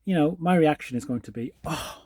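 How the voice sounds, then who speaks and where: Calm guy thinking out loud, husky mellow voice, dry close sound. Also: a little high, fast talker, dry recording. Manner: calm, musing, with frequent restarts. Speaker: channel host. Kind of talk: reflective solo talk to camera.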